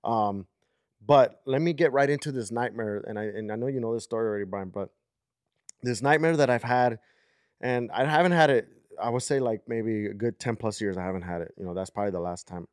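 A man's voice: lowish voice, a little fast, clean tone, no room sound, clean studio sound. A man in his thirties hosting a podcast, telling a long story in a casual, rambling way with lots of fillers. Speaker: podcast host.

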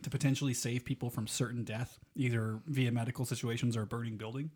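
Profane, animated male podcast co-host. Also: medium pitch, quick pace, breathy edge. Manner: profane, animated, laughs often. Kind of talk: casual chat.

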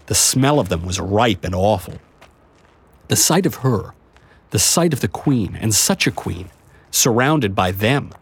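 A man's voice: on the low side, husky, no room sound, clean studio sound. A man reading a first-person story aloud in an earnest, emotional way. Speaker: audiobook narrator. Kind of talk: first-person scripted narration.

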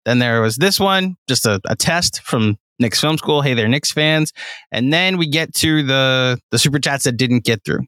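A man's voice: medium pitch, moderate pace, sharp tone, no echo, studio quality. A man co-hosting a sports podcast who teases and jokes with his fellow host in casual banter. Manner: teasing, joking.

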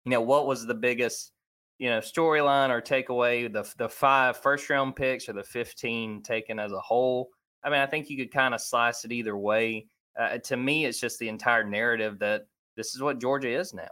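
A man's voice: mid-range voice, fairly even intonation, pushed and bright. A man hosting a casual sports talk show, talking loosely with frequent fillers and restarts. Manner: conversational, lots of fillers, lists names quickly. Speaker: sports podcast host.

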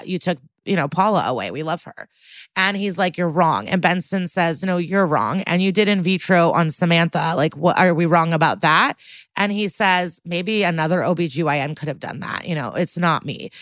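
A woman's voice: on the low side, normal speed, fairly bright tone, no room sound. A woman co-hosting a podcast, chatting casually through an episode recap and acting out the characters' lines. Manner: chatty, acts out quoted lines with mock voices. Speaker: podcast co-host.

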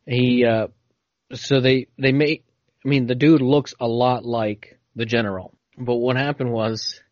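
A man's voice: mid-range voice, little pitch movement, unhurried, dry recording. Laid-back man telling a story. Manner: laid-back storytelling, stumbles over hard words. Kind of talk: casual chat, reading aloud. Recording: dull, dry lo-fi audio.

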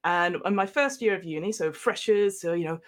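A woman's voice: on the low side, brisk. English woman telling a story with laughs. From England. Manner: laughing storyteller, animated retelling. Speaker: podcast guest. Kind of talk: casual chat.

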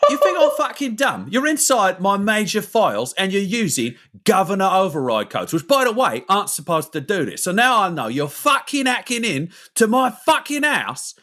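A man's voice: high voice, very animated, normal speed, few pauses, sharp tone, pitched above the performer's own voice, full character voice. A man voicing a furious, foul-mouthed male crime-house boss, snarling threats during a tabletop game. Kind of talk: tabletop game role-play.

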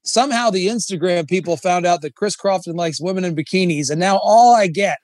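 A man talking as a comedian guest on a podcast, rambling and swearing, breaking into high sung bits. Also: a little fast, a little mellow, no room sound, studio quality. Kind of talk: casual podcast chat.

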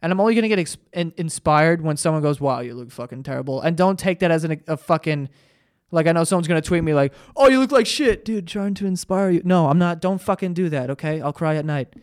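A man's voice: a little high, quick pace, darkish tone. A young man hosting a podcast alone, ranting profanely and with exasperation, mocking himself between outbursts. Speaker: podcast host. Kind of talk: solo comedic rant.

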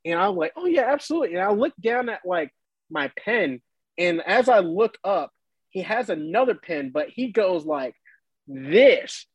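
Animated husky-voiced young man. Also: high voice, unhurried, no room sound, highs cut off. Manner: animated, acts out voices in his story, laughs often. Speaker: baseball player guest. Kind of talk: casual storytelling.

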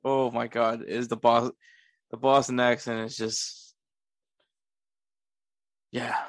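In a dry, clean studio recording, a male podcast host speaks slowly with a medium pitch and a flat delivery. Even so, on his casual sports show he laughs often and pokes fun at himself.

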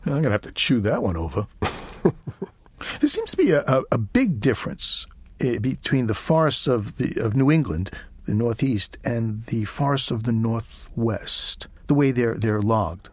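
A man's voice: medium pitch, sing-song, measured pace, darkish tone, breathy edge. A man hosting a public radio show, interviewing a guest and reading the show's closing segment. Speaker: radio host.

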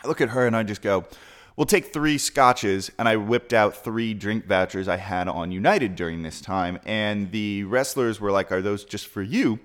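A young man telling a long, rambling story in casual chat, with lively jumps in his voice. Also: normal speed, hardly any pauses. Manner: rambling, animated storytelling with big pitch jumps. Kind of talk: casual anecdote.

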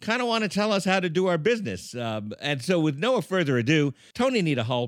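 A man's voice: a little high, very animated, no echo, studio quality. A man co-hosting a comedy podcast, playful and teasing in casual banter. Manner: playful, teasing, dramatic pauses. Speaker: podcast co-host.

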